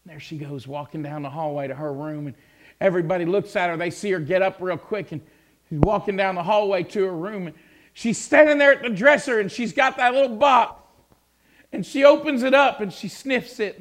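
A male preacher telling a Bible story, repeating words as he builds to fervent shouting. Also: sits high, moderate pace. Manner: stammering repetitions, swelling into fervent shouts. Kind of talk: sermon.

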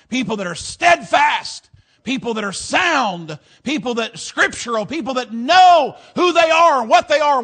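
Male preacher, high voice, rhythmic rhyming delivery, shouts for emphasis. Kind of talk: fiery sermon.

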